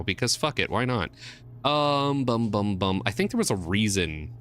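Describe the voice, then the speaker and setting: Excitable male streamer with jumpy pitch. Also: a little slow. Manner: excitable, jumps between mumbling and squealing. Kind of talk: casual live-stream chat.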